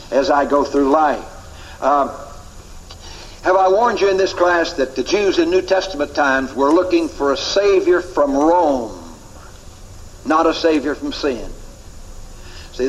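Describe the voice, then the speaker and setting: A man's voice: on the high side, dull audio. Emphatic man teaching a Bible class. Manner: emphatic, repeats key phrases, asks rhetorical questions.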